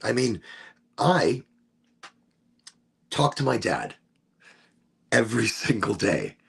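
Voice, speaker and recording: A man's voice: medium pitch, huge pitch swings, slow, vocal fry, fairly bright tone, slightly rough. A middle-aged man hosting a podcast, rambling profanely in a casual monologue. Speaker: podcast host.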